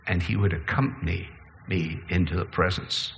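A man preaching a sermon, shifting between slow, low passages and quicker, higher ones. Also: fairly even intonation, creaky, a bit bright, in a large hall, slight background noise. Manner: preaching with sweeping pitch and pace changes. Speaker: pastor.

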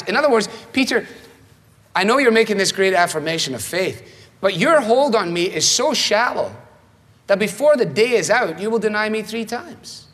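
Man, preacher, animated rhetorical sermon, acts out quoted voices, higher voice, echoing church hall. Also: moderate pace.

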